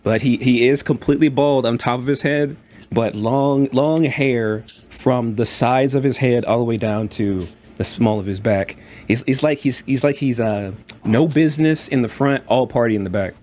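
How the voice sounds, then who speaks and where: A man narrating a tabletop game as dungeon master, halting and full of fillers. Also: medium pitch, darkish tone. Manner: halting, many fillers and restarts.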